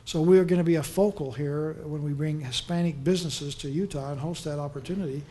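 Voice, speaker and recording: A man's voice: fairly high pitch, quick pace, warm tone. A man giving an earnest, upbeat public speech as a governor at a press conference. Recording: echoey room, faint noise.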